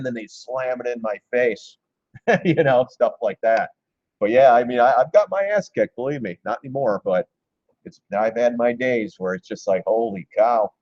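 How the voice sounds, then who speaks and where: A middle-aged man doing casual live-stream market commentary, blunt and excitable, swearing casually and laughing often. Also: lowish voice, no echo, dull audio. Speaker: stock trading live-streamer.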